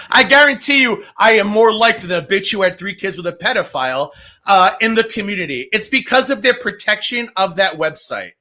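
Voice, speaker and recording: A woman on a livestream rants in a fired-up, furious way, swearing hard and repeating herself for emphasis. Her voice is bright and sharp, and her pitch leaps up and down. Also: very animated, normal speed. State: angry and fired up. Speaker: streamer co-host. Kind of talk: heated livestream rant.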